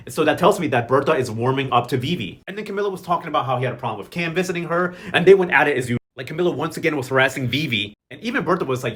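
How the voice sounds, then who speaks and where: Sassy fast-talking man recapping a novela. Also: high voice, animated, a bit bright. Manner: sassy, slangy, mocking characters in quick asides.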